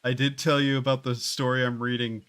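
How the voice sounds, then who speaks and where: While gaming on a live stream, a man talks in a brisk, flat delivery, his mid-range voice fairly bright, clear and resonant. He rambles casually with wry, self-deprecating humor and the odd careless curse.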